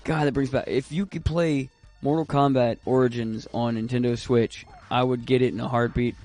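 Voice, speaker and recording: Gravelly-voiced rambling male streamer. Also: mid-range voice, fairly even intonation, moderate pace, darkish tone, faint music behind. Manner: rambling, chatty, laughs often. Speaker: gaming streamer. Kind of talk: casual chat while playing.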